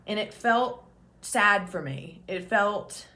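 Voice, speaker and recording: A woman's voice: mid-range voice, expressive, slow pace, sharp tone. A woman speaks straight to her viewers in an open, unguarded way, telling her own story as a peer support host. She talks casually and swears now and then, with small self-mocking laughs along the way. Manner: frank and casual, swears freely, laughs at herself. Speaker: OCD peer support specialist and channel host. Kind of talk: candid personal storytelling to camera.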